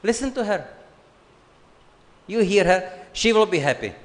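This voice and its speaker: A man speaks slowly and deliberately in a slightly high voice, delivering a scripture lecture with gentle humor. His words ring out into a hall with a long trailing reverb, and he sometimes slips into little acted exchanges. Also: expressive. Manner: unhurried, joking, acts out family dialogue. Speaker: swami giving a scripture class. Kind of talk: sermon.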